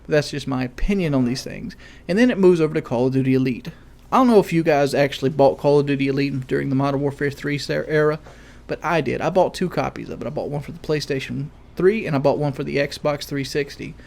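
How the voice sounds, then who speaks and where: A young man giving casual gaming commentary, rambling and correcting himself, in what he calls a monotone voice, often asking viewers questions. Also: on the high side. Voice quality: self-described monotone voice.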